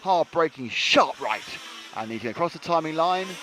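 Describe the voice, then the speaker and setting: A man's voice: fairly high pitch, lively intonation, moderate pace, noisy background. A man giving live commentary on a model car race, joking and rambling between calls. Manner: jokey, self-deprecating, rambling asides.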